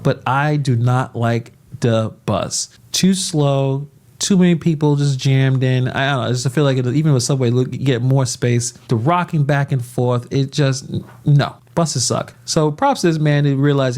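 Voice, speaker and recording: A man's voice: mid-range voice, normal speed, a little mellow. A man hosting a reaction video, giving opinionated commentary with rhetorical questions.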